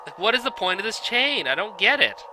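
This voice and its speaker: A man giving blind let's play commentary, exasperated, swearing often and yelling at the game. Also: high voice, sing-song, fairly quick, background noise.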